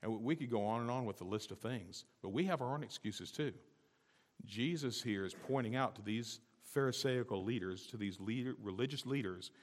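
A man preaching a sermon as a pastor, talking emphatically and building to loud, high exhortation. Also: a little fast, big-room sound. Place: church sanctuary.

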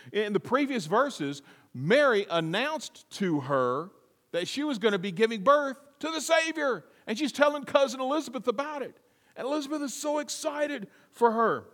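A high-pitched male pastor delivering a sermon with scripture reading. He swings from hushed, quiet asides to loud, emphatic repeated phrases. His voice rings with the long reverb of a large church sanctuary.

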